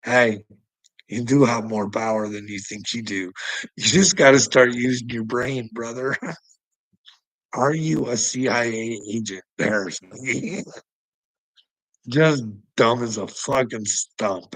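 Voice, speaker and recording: Taking it slowly, a Canadian man with a Canadian accent answers his livestream chat in a casual, crude rant full of swearing and laughter. His voice is medium-pitched and fairly bright, captured without echo in low-quality audio.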